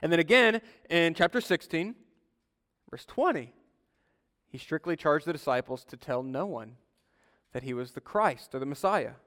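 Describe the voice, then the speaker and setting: A man in his thirties, a pastor preaching in a casual storytelling way. His voice sits a little high for a man. The sound rings out with long reverb from the hall. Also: expressive, normal speed, long pauses, fairly bright tone. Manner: conversational storytelling, acts out quoted voices. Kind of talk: sermon.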